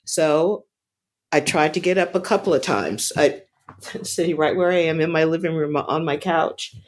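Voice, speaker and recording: A woman telling a personal story in a casual, halting way, often repeating words and restarting sentences. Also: low-pitched. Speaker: storyteller recounting a personal experience.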